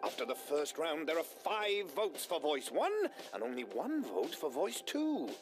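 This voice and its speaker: A man narrating a television challenge show with excitable, punchy delivery. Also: fairly high pitch, measured pace. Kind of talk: energetic TV narration. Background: music.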